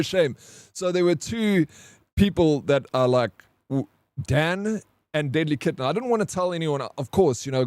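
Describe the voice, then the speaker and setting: A male streamer talks casually to his chat at an everyday middle pitch, cursing freely and tossing "bro" into nearly every sentence. His voice sounds dry and close, with no room echo at all. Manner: animated, swears a lot, says "bro" constantly. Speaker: live streamer. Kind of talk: casual live-stream storytelling.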